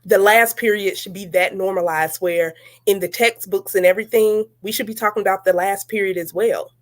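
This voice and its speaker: Chatty woman host, mid pitch. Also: fairly even intonation, a little fast. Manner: chatty storyteller, laughs often. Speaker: podcast host. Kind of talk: casual chat.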